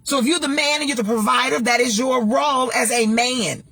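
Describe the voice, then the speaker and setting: A woman's voice: high voice, fairly even intonation, fairly quick, a bit bright, slightly rough, no room sound. A woman hosting her own show, giving emphatic, blunt advice and telling a personal story in a casual monologue. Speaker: talk show host and former radio DJ.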